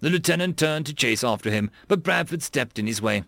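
Gravelly, expressive male narrator. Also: medium pitch, brisk, no room sound. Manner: expressive, voices many characters. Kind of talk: audiobook narration.

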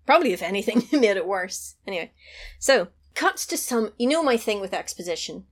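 A woman on a podcast, chatting casually as she retells a film scene by scene, now and then jumping high to act out lines. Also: fairly quick. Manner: animated storytelling, acting out lines in a high voice. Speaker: podcast co-host recapping a film. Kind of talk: casual chat.

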